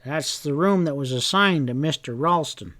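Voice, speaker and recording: A man reading aloud and voicing a suspicious male hotel proprietor, sharp and demanding. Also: a little high, normal speed, natural voice. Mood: accusing.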